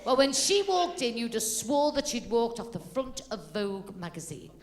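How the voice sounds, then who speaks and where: A woman with a Liverpool accent doing stand-up comedy, telling stories deadpan with punchy asides. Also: a little high, moderate pace.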